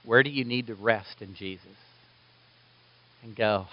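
A male pastor preaching a sermon in an animated way, acting out the voices of the people he quotes. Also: lowish voice, measured pace, dull audio.

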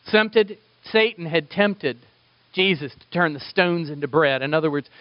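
Animated male pastor preaching. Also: a little high, moderate pace, no room sound. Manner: animated, rising emphasis and sudden soft drops. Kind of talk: sermon. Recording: dull lo-fi recording.

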